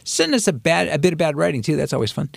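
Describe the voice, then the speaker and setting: A man's voice: on the high side, sing-song, fast, creaky, breathy edge, no room sound. A man co-hosting a wine podcast, joking and self-deprecating in casual radio chat.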